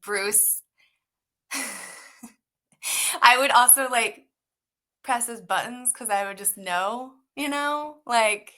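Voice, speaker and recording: A young woman, an actress, telling animated stories from set in a casual interview, full of "like" and acted-out quotes. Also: on the high side, takes it slowly, pauses often. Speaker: actress guest.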